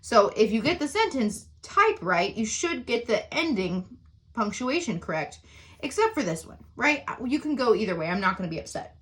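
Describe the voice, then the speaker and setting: A woman's voice: on the high side, big pitch swings, normal speed. A woman teacher explaining sentence types in a recorded lesson, often checking in with "okay?" and "right?".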